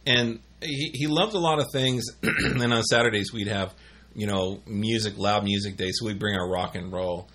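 A man's voice: lowish voice, normal speed, fairly bright tone. A man hosting a podcast, telling stories in casual chat and mimicking voices. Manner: chatty storyteller who mimics voices. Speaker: podcast host.

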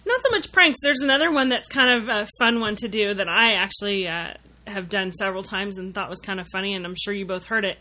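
A woman co-hosting a casual chat, adding quick amused remarks and telling a short office anecdote. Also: medium pitch, bright, forceful tone.

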